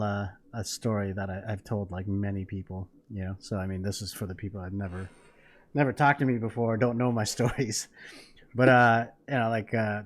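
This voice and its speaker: A man in his thirties, a podcast co-host, casually telling a long story full of swearing and laughter. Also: fairly low pitch. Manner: profane, rambling, laughing storyteller.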